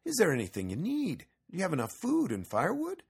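A helpful young farmhand who talks in a brisk, friendly way, as a man reading aloud puts him on. His voice is raised a little and lively. A storybook figure. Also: sits high, vocal fry, breathy edge, voice pushed up, heavily acted.

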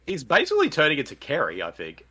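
A man co-hosting a movie-commentary podcast, joking and laughing as he watches. His voice swings widely in pitch and has a bright, forceful edge. He keeps the tone loose and playful. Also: fast, breathy edge. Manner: animated, jokey, laughs often. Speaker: podcast co-host. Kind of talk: casual movie commentary chat.

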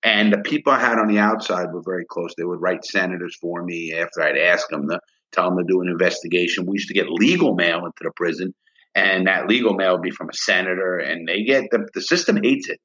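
A man's voice: deep voice, a little fast, bright, forceful tone, rough recording. A middle-aged man, a former prisoner, telling a heated story of his time inside in blunt, profane words. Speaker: interview guest, former prisoner. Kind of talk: emotional storytelling interview.

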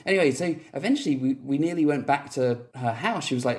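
A man's voice: medium pitch, animated, fast talker. A man guesting on a pub podcast, telling a rambling story full of fillers and laughs. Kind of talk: casual chat, storytelling.

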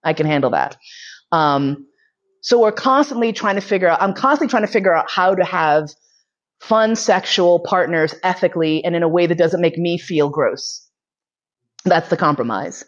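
A woman with a somewhat low voice hosts a podcast and tells a personal story in a frank, chatty way. Her talk is full of "like," and she breaks into laughter now and then. The recording sounds slightly muffled and lo-fi. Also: lively intonation, normal speed. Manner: candid and chatty, many "like"s, bursts of laughter. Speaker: podcast host. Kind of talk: casual confessional storytelling.

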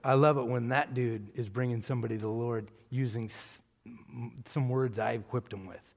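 A middle-aged pastor tells his story with many restarts and stumbles. At times he rises into loud, passionate preaching. His voice carries the long reverb of a church hall. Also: mid-range voice, steady tone, normal speed, vocal fry. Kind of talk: testimony answering a question, church talk.

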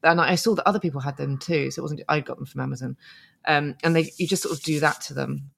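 Brief: woman, podcast co-host, casual rambling chat, some vocal fry. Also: low voice, steady tone, quick pace, slight background noise. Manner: chatty, rambling with restarts and laughs. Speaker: podcast co-host, marathon runner.

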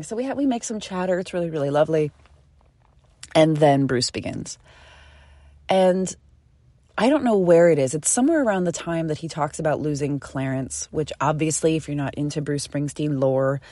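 Woman, low pitch, animated casual storyteller, dry close sound. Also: no room sound. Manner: animated, chatty, swears casually.

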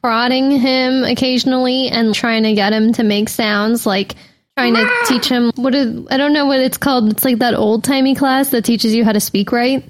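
A woman's voice: a little high, steady tone, normal speed. A woman playing a tabletop game, speaking tentatively and giggling often. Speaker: player. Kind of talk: casual tabletop play.

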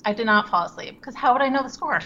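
A fast-talking woman in her thirties appears as a podcast guest, her slightly high voice bright, forceful, and lively in intonation. She chats in a friendly, candid way over dull, lo-fi audio.

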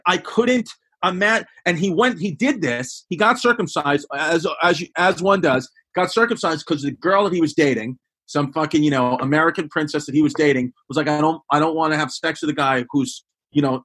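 A forceful, fairly high-voiced man in his forties chats on a comedy podcast. His tone is husky and a little rough, and he rambles through crude stories. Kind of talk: casual podcast chat.

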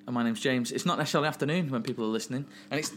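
A man's voice: medium pitch, rapid-fire, a bit bright, slight background noise. A man in his late twenties, co-hosting a podcast, telling stories in a teasing, chatty way. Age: 20s. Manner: chatty, laughing, teasing storyteller. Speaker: podcast co-host. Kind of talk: casual banter.

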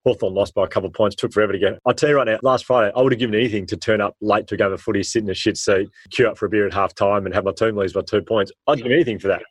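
An Australian man in his thirties, a guest telling stories in a casual interview, animated and acting out the voices he quotes. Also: on the low side, very fast, few pauses, slightly rough, no room sound.

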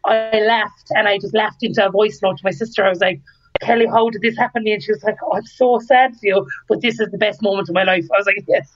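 A woman's voice: mid-range voice, fast, highs cut off. A young Irish woman, a podcast guest, telling a story in casual chat and acting out the voices of the people in it. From Ireland. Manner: lively, animated, acts out dialogue.

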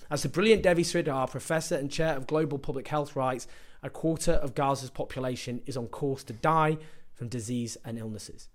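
A man giving an impassioned political commentary, sarcastic and emphatic as he builds his points. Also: mid-range voice.

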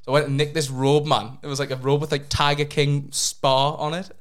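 A young man, telling a rambling story on a casual podcast, his voice jumping up in pitch when he gets excited. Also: brisk. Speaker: podcast co-host. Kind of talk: casual chat.

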